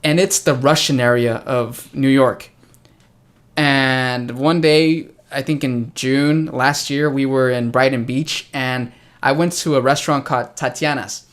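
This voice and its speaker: In a mid-range voice that runs a little slow, a young American man who teaches English swaps stories with a friend in a relaxed conversation. He brings the tales to life by acting out what people said.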